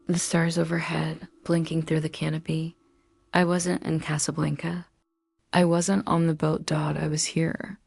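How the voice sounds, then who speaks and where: A woman's voice: deep voice, vocal fry, a little mellow. A woman narrating a first-person story in tense, clipped short sentences. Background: music.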